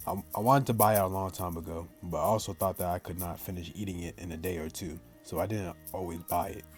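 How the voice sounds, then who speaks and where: A man with a very low voice reads the story text of a visual novel out loud, line by line. He stops now and then to toss slangy remarks to his viewers, and faint game music plays underneath. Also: fairly even intonation, quick pace. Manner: plain read-aloud, breaks off into slangy chat to viewers. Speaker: gaming channel host. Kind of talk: reading visual novel text aloud with casual asides.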